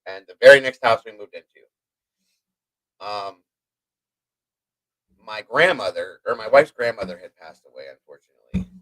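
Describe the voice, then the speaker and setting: A man hosting a live stream, telling a long personal story in a rambling, profane, animated way. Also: fairly low pitch, moderate pace, pauses often, low-quality recording. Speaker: host. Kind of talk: livestream storytelling.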